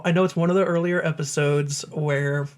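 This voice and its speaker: Excitable swearing podcast guy, slightly high voice. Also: normal speed, smooth. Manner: excitable, swears a lot, laughs while telling stories. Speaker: podcast co-host. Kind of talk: casual chat.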